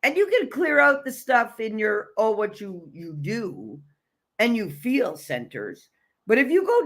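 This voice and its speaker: A woman's voice: on the high side, a bit bright. Emphatic, blunt woman coaching on energy. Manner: emphatic, repetitive, blunt, swears casually; conversational, with frequent restarts and fillers. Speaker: energy and self-love coach. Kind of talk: motivational spiritual talk.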